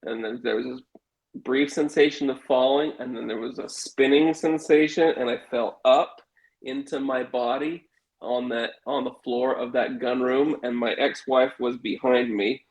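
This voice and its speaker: A middle-aged man telling a wild personal story in casual conversation, animated and acting out the voices of the people in it. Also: medium pitch, moderate pace, poor audio. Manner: animated, swearing, acts out quoted voices. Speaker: guest telling a life story.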